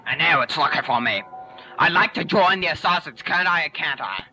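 A man's voice: fairly high pitch, lively intonation, brisk, pushed and bright, lo-fi sound. A man playing a bumbling recruit in an amateur tape radio play, hesitant and rambling. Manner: hesitant, rambling, then pleading. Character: bumbling male recruit posing as a detective. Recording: home tape with music.

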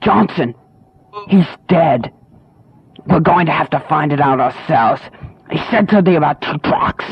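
A man playing an excitable male detective with a husky voice in an amateur radio play. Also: on the high side, a little slow, long pauses, no echo, heavily acted. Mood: urgent. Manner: animated, bursts into excited exclamations. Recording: dull lo-fi tape recording.

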